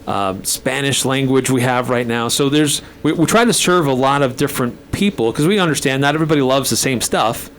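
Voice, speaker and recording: A man's voice: mid-range voice, fairly quick, few pauses, fairly bright tone, a little hiss or hum. A man on a talk radio program, chatting casually and laughing at himself now and then. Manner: chatty, self-deprecating, laughs often. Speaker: radio station manager guest. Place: radio studio.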